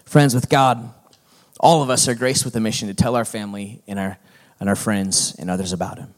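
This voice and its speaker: A man's voice: lowish voice, steady tone, a little fast. A middle-aged male pastor preaching a sermon in a folksy, conversational manner that builds to emphatic points.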